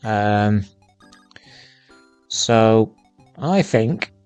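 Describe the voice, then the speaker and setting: Croaky male game commentator, halting and casual, dry close sound. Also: on the low side, animated, a little mellow, no room sound, faint music behind. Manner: rambling, halting with many ums. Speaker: let's play host.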